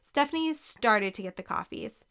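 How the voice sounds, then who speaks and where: A woman reading a children's novel aloud as narrator, expressive and clear. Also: a little high, moderate pace, a little hiss or hum. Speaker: audiobook reader.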